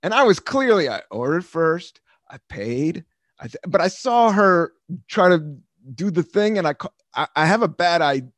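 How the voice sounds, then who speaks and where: A man's voice: a little high, animated, normal speed, no room sound. An American man in his fifties hosting a podcast, rambling through stories in a casual monologue, swearing freely and laughing often. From United States. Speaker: podcast host.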